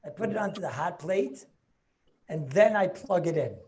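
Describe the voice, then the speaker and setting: A man's voice: high-pitched, lively intonation, normal speed, a little mellow. A man works through a legal argument on a video call, eager and questioning, often restarting and asking "right?" to check he has been followed. Faint noise sits under his voice. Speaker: Torah class participant. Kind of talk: Talmudic reasoning in a video-call class.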